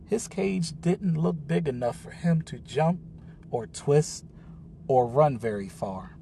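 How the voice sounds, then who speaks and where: A man reads a children's story aloud at an unhurried pace. His voice is mellow and calm, with a faint hum of background noise. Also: on the high side, vocal fry. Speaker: narrator. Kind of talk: audiobook narration.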